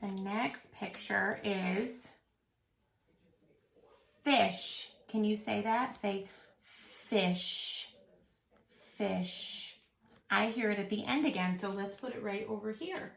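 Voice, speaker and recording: A woman's voice: medium pitch, gravelly, reverberant, a little hiss or hum. A woman teaching a phonics lesson to young children, patiently stretching out each word. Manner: slow, patient, drawn-out sounding of words.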